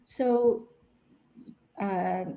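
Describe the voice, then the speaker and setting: A woman student on a video call asking her teacher a question in a hesitant, halting way. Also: mid-range voice, fairly even intonation, gravelly, dark tone, dull audio.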